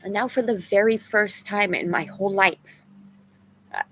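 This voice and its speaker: A woman's voice: medium pitch, moderate pace, a bit bright, a little hiss or hum, poor audio. A woman around forty-two, tearful and candid, rambling in a casual vlog with some swearing. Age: 40s. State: crying. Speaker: vlogger. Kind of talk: emotional casual vlog talk, reading chat.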